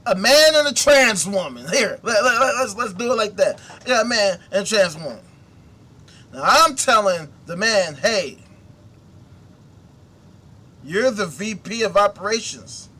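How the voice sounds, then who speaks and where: A man's voice: high-pitched, animated, moderate pace, bright, forceful tone. A man hosting a commentary show, ranting indignantly with profanity and repeated rhetorical questions. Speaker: host. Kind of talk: casual commentary rant.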